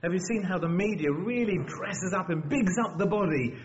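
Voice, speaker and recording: A man preaching a sermon in a lively, conversational way, often restarting his phrases. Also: high voice, moderate pace. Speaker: visiting preacher. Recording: dull lo-fi church recording with faint hiss.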